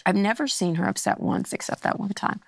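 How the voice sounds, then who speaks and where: A woman's voice: mid-range voice, a little fast, gravelly, no echo, studio quality. A woman in her sixties telling a story in casual conversation as a podcast guest, blunt and a little profane, acting out the voices of the people she quotes. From United States. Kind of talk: casual chat.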